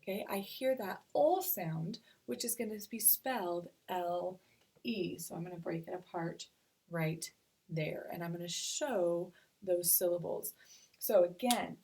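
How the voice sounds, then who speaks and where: Teacher lady doing a kids reading lesson, bit raspy, creaky voice, stretches out the sounds. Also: fairly low pitch, darkish tone. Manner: slow, stretched-out sounding of syllables. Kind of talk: recorded reading lesson for young children.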